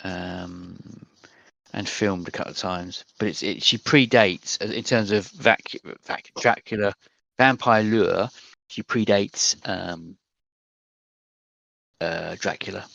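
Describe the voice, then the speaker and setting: A man's voice: deep voice, slow, vocal fry, sharp tone, no room sound, highs cut off. A man narrating a tabletop game as game master, hesitant and full of fillers, over voice chat. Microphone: headset or desk mic over voice chat.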